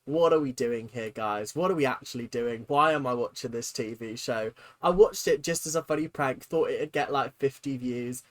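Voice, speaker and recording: A reaction host riffing on a show with mock disbelief. The voice lurches from loud exclamations down to wry mutters and breaks into laughter often. Swearing comes casually in the banter. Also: mid-range voice, moderate pace, hardly any pauses. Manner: exaggerated, incredulous, swings from loud outbursts to mutters. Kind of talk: comedic reaction commentary.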